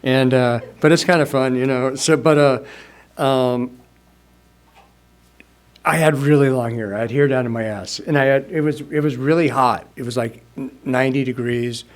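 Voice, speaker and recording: A man's voice: mid-range voice, fairly even intonation, moderate pace. Brief: man, 60s, speaker at a recovery meeting, loose rambling storyteller, mid-range voice. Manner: casual, rambling, chuckles while telling. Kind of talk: personal storytelling testimony.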